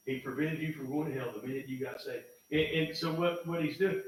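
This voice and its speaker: A man preaching a sermon in a church, folksy and emphatic, swinging from loud bursts to low, quiet lines. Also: fairly quick, hardly any pauses. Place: church sanctuary. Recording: echoey church from far off, faint noise.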